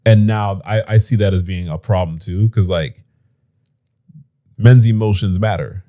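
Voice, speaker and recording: A man's voice: fairly low pitch, a little slow, dark tone. A man co-hosting a podcast from home, talking casually and animatedly, dropping slang and mimicking voices. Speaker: podcast co-host. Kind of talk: casual chat. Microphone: podcast mic.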